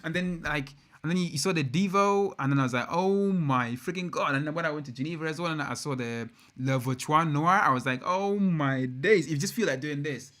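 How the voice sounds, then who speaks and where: Excitable English man hosting a livestream. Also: a little high, fast talker, hardly any pauses. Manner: excitable, rambling, slangy. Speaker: livestream host. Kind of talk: casual livestream chat.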